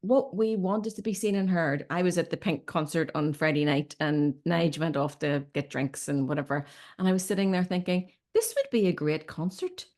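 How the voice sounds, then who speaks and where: A woman's voice: sits low, normal speed. A woman in her fifties, a relationship coach chatting as a guest and acting out little stories. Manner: animated storyteller, acts out quotes, says "okay?" often. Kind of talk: casual advice chat.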